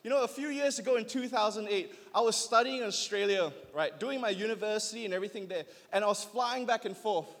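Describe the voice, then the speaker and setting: Youth pastor, man in his 30s, high voice, urges call-and-response; hall reverb. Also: fast, few pauses. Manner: lively, urging the crowd to call back. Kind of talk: sermon.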